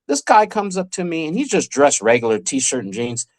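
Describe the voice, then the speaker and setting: A man, a magician, telling a lively story in a podcast interview and acting out the people he quotes. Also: fairly high pitch, normal speed. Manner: animated storyteller who acts out the people he quotes. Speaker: magician guest.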